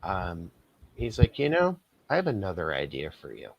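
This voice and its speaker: A man in a casual talk-show chat, telling a short story about how he got his job in a relaxed way. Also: low-pitched, normal speed, creaky, lo-fi sound.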